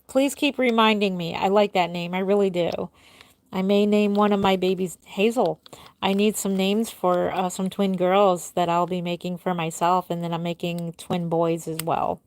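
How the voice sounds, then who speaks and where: A woman in her forties chats on a doll-making livestream and answers comments as they come in. Her voice sits at a medium pitch and sounds a bit tired. The sound is close and dry, with no room echo. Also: fairly even intonation, normal speed. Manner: chatty, reads out and answers viewer comments. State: tired, yawning. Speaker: doll artist hosting a livestream. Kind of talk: casual livestream chat.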